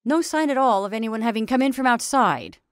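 A woman voicing a brisk, condescending male county attorney in a read-aloud story. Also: on the high side, expressive, dry recording, clean studio sound, pitched above the performer's own voice, close to an everyday voice. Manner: tolerant, brisk, dismissive.

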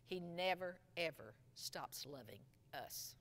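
A woman teaching a Sunday school lesson, retelling a parable in an expressive storytelling way. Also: mid-range voice, unhurried. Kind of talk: Bible lesson. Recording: long echo from a large room.

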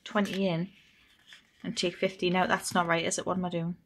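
A woman's voice: fairly low pitch, flat delivery, a little fast, a bit bright, a little hiss or hum. A young woman with a Geordie accent, chatting casually and thinking aloud as she sorts cash for her budget. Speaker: budgeting vlogger host. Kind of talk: casual vlog chat while cash stuffing.

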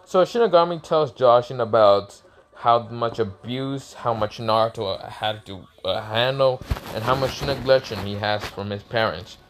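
A man's voice: mid-range voice, a little slow, a bit bright, slight background noise. A young man improvising a fan story, rambling and profane, with many fillers and restarts.

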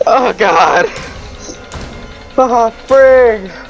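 A man commentating a horror game, jumpy and swinging from muttering to panicked yelling, his voice cracking from screaming. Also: a little high, animated, measured pace, pauses often, faint music behind, low-quality recording. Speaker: let's play gamer.

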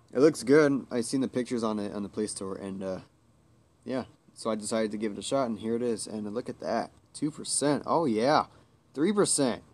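A man giving casual let's play commentary, excitable and jumpy, swearing when startled. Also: lowish voice. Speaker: gameplay commentator.

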